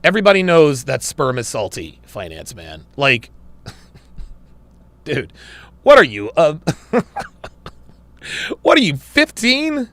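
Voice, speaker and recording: A man hosting a casual live stream reads out viewer comments and answers with crude, jokey banter. His mid-range voice swings hugely in pitch, he takes things slowly and pauses often, and the slightly bright sound has no room sound.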